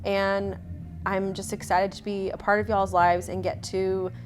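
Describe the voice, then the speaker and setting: A woman, the bride's former roommate, giving a heartfelt wedding video message, a little out of breath and pausing with many ums. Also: mid-range voice, little pitch movement, a little hiss or hum.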